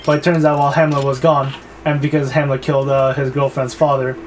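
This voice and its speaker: A man's voice: medium pitch, flat delivery, fast, a little hiss or hum, rough recording. A young man co-hosting a gaming video, telling a long story in a rambling, filler-heavy casual way. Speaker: gaming co-host. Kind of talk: casual let's-play chat.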